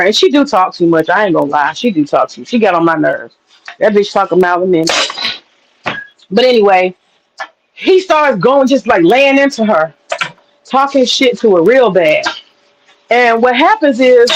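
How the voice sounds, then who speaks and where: A woman hosting a livestream, telling stories in an animated, profane way and chatting with her viewers. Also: fairly high pitch, poor audio. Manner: animated, profane storytelling with laughter. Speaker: livestream host. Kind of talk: casual livestream commentary.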